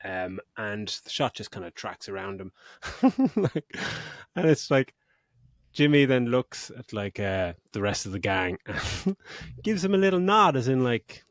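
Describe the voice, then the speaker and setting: Man, middle-aged, podcast co-host, casual film chat, sarcastic, swearing, laughing, mid pitch, dry recording. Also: very animated, a little slow, no echo.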